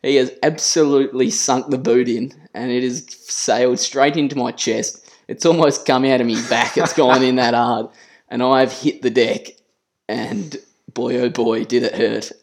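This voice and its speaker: A man's voice: mid-range voice, steady tone, unhurried, darkish tone. Easygoing young Australian man, podcast co-host. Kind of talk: casual chat, storytelling.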